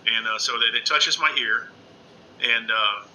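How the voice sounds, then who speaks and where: A middle-aged man talks casually to viewers on a home livestream, rambling and excitable, full of fillers. His voice is very bright and sharp. A faint noise sits under the recording. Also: medium pitch, measured pace, poor audio. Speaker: ghost-hunting live streamer. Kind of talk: casual live-stream chat with viewers. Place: indoors at home under a lamp.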